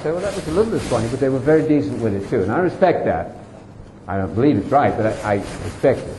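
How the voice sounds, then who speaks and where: Older male speaker, lively emphatic testimony, roomy echoing hall with faint noise. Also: medium pitch, fast talker. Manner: animated, emphatic, addresses listeners directly. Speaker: speaker addressing a congregation. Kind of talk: personal testimony talk.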